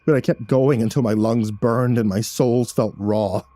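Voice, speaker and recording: A man narrating a horror story in a measured, somber storytelling manner. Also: mid-range voice, fairly even intonation, warm tone, dry recording.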